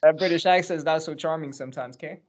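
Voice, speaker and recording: Co-hosting a podcast, a man with a voice on the high side talks fast, riffing casually on football, joking around and swearing a lot.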